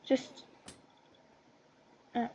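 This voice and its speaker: Teenage girl, casual rant, rambling with fillers, loud noisy background. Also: drawn-out words, lo-fi sound. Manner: rambling, full of fillers and tangents. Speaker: vlogger. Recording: loud background noise and clicks.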